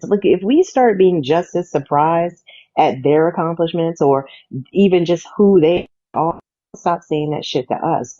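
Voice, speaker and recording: A woman's voice: low-pitched, dark tone, highs cut off. A woman speaking as a guest on a livestream, emphatic and outspoken in casual talk. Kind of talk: casual chat.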